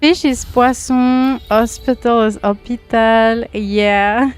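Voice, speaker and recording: Slow-spoken French woman streamer. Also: fairly high pitch, steady tone, clear, resonant tone, faint music behind. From France. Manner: giggly, chatty, greeting viewers by name. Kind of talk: casual live-stream chat while gaming.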